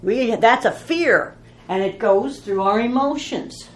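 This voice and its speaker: A woman's voice: on the high side, lively intonation, slow pace, roomy sound. A woman teaching a Bible study in an informal, folksy way, telling stories and asking rhetorical questions.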